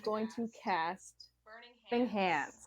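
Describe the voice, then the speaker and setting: A woman's voice: medium pitch, slow pace, a crowd in the background. A woman playing a tabletop game, talking casually with a mock-apologetic manner. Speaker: player.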